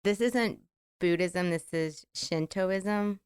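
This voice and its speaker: A woman's voice: mid-range voice, slow pace, clear, resonant tone, no echo, studio quality. A middle-aged woman with a rural American accent, co-hosting a podcast in casual, reflective chat that rambles and breaks into laughs. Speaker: podcast co-host.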